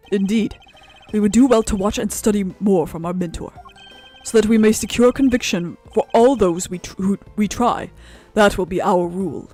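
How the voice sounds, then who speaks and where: Woman as a composed male prosecutor, measured, dry, mid pitch, faint music. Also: a little mellow, natural voice. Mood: resolute. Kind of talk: video game dialogue read aloud.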